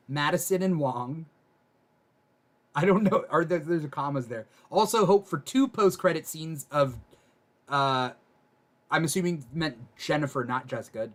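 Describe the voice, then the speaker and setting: Man, aftershow host; slightly high voice, casual, stops and restarts mid-sentence. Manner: reads viewer comments aloud, halting restarts. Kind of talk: casual panel discussion.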